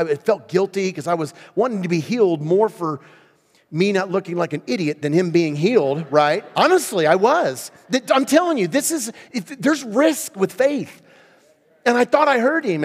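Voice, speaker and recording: Higher-voiced male preacher in reverberant hall. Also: brisk. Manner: animated, conversational, laughs often. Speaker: revival preacher. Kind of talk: storytelling sermon. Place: church revival service. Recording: long reverb in a church hall.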